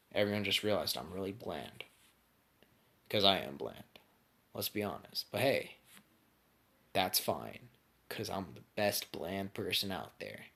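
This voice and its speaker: A man's voice: fairly low pitch, fairly bright tone. A young man telling a made-up story in a casual, rambling way, full of slang and swearing.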